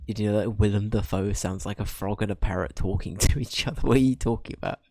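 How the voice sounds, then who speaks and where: A young man streaming a game and chatting loosely with his viewers. His voice sits fairly low, and he rambles, laughs and restarts sentences often. Soft game music plays faintly behind him. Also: quick pace, no room sound. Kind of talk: casual game-stream chat.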